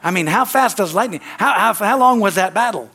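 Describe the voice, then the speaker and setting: A man with a high-pitched voice preaches a sermon with fervent energy. He peppers his lines with amen and hallelujah and breaks into quick acted-out dialogues. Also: animated, sharp tone, breathy edge. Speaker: pastor.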